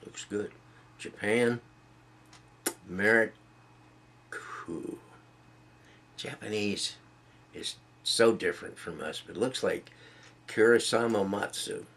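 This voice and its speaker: Slow, gravelly-voiced man reading haltingly. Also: lowish voice, a bit bright. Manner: reads greetings haltingly, stumbling over foreign words; folksy and self-deprecating. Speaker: video blogger. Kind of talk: casual reading to camera.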